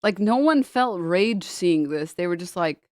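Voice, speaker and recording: A woman's voice: on the low side, lively intonation, unhurried, dry recording, clean studio sound. A woman streamer chatting casually, reading posts aloud and swearing a lot as she laughs.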